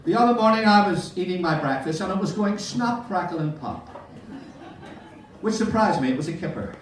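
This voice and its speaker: Older comedian telling gags, bouncy lively voice, booming echoey hall, a bit far off. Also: male voice, a little fast, background noise. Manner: cheery storyteller, addresses the audience as ladies and gentlemen. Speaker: stand-up comedian. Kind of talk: live stand-up one-liners. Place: hotel function room with a live audience.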